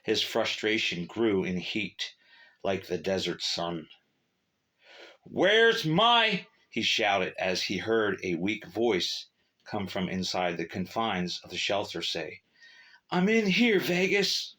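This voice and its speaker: Man, storyteller, deep voice, bright tone, measured story narration. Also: steady tone.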